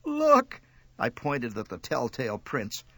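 A man reading a story aloud, wry and expressive. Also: mid-range voice, normal speed, slightly rough, no echo. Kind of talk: scripted narration.

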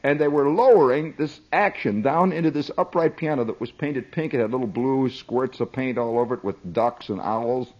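A middle-aged man telling a comic story, chatty and animated, with frequent asides to the listener. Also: medium pitch, normal speed, hardly any pauses, poor audio.

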